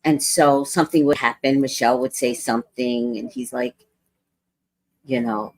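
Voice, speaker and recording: A woman hosting a casual livestream, telling an animated story and acting out other people's lines in voices. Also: very deep voice, moderate pace, vocal fry, no echo. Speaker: vlog host.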